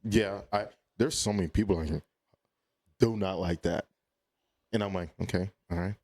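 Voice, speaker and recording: A man guest on a podcast, chatting casually and telling animated stories that often quote his own reactions. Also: low voice, normal speed. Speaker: podcast guest, content creator. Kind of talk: casual chat.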